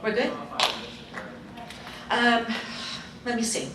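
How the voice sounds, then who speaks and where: A woman panelist telling lively family anecdotes to an audience, acting out the quotes. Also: fairly high pitch, extremely slow, background noise. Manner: lively storyteller, acts out quotes. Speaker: workshop panelist. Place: community seminar hall. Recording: echoey hall, mic far off.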